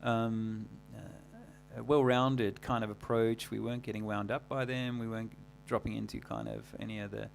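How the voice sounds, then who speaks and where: A man hosting a livestream, talking casually in a rambling, halting way full of fillers and restarts. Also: lowish voice, steady tone, creaky, a little hiss or hum. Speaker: livestream host.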